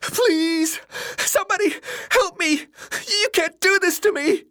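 A terrified teenage boy cries out in a shrill, sobbing voice that cracks high above a normal speaking range. His pleading sounds raw and frantic. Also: takes it slowly, sharp tone, no echo, studio quality, full character voice. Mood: desperate pleading.

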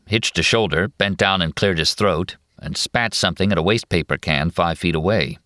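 Very deep-voiced male narrator. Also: no room sound, clean studio sound. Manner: steady, measured first-person telling. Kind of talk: audiobook narration.

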